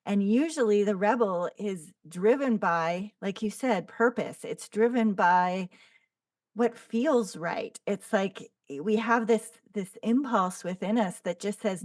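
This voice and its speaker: A woman's voice: medium pitch, slow pace, a little mellow, no room sound, clean studio sound, distant mic. A woman co-hosting a podcast, affirming her partner's story with eager enthusiasm. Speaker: podcast co-host. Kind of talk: conversational discussion.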